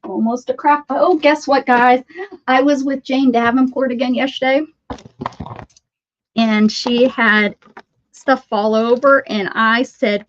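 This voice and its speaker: A woman's voice: fairly high pitch, fairly even intonation, measured pace. A woman hosting an art livestream, chatting casually and muttering to herself while she crafts. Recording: dull lo-fi audio with faint noise.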